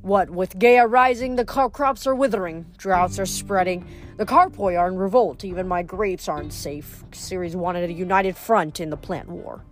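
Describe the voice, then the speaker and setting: A woman voicing a pompous adult male wine god with a lazy, slow drawl. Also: fairly low pitch, faint music behind, lightly acted. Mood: lazy, haughty. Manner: haughty, slow, self-important.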